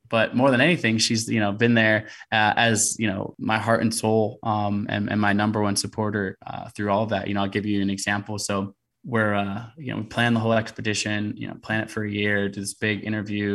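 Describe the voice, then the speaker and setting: A man's voice: fairly low pitch, a bit bright. A man being interviewed on a podcast, telling a personal story in an earnest way with lots of "you know" fillers. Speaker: podcast guest, explorer.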